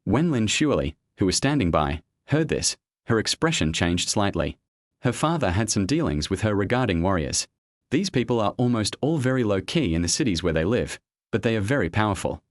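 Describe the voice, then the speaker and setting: A man reading a serialized story as narrator in an even storytelling manner. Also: on the low side, brisk, dry recording.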